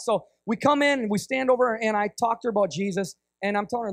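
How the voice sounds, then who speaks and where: Man, high voice, dry close sound, animated sermon storytelling, acts out voices. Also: fast talker, hardly any pauses, no echo. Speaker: guest preacher.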